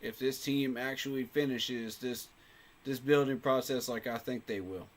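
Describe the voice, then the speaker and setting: Male fan host, mid-pitched voice, fired-up and emphatic, repeats lines for punch. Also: fairly even intonation, normal speed. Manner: passionate, emphatic, repeats phrases for effect. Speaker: sports fan channel host. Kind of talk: casual fan commentary to camera.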